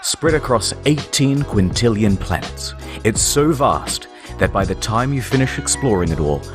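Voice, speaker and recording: A man's voice: medium pitch, lively intonation, moderate pace, over music. A man giving comedic scripted narration in a wry, matter-of-fact way.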